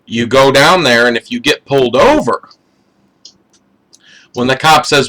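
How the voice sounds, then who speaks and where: A man's voice: medium pitch, expressive, measured pace, long pauses, bright, forceful tone. A man on a podcast chatting casually, with many hesitant fillers and wry asides. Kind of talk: casual chat.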